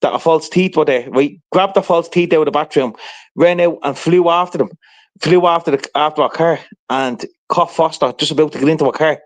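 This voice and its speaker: Guy rambling and swearing on a live stream, voice sits a bit high, keeps going "right?". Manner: rambling, profane storytelling with constant "right?". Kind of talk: casual chat.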